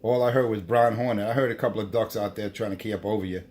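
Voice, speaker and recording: A man's voice: fairly low pitch, little pitch movement, a little mellow, a little hiss or hum. A man chatting over CB radio, repeating himself and tacking "man" onto his lines. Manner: drawn-out, repetitive, ends lines with "man". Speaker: CB radio operator. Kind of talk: on-air CB radio banter.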